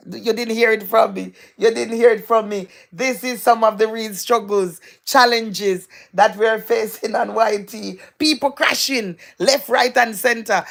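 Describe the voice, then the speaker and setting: Excitable woman host with a gravelly voice. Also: a little high. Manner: excitable, repetitive, gossipy, laughs often. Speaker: livestream host. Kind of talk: live chat reading out viewer comments.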